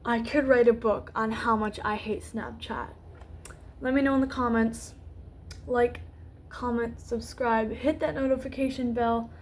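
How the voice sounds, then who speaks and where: A young woman talking slowly in a casual vlog, her voice a little high and starting to go hoarse. She rambles, trails off and restarts her sentences with lots of fillers. Faint noise hums behind her. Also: fairly even intonation. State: losing her voice. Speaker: YouTuber. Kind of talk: rambling unscripted vlog talk.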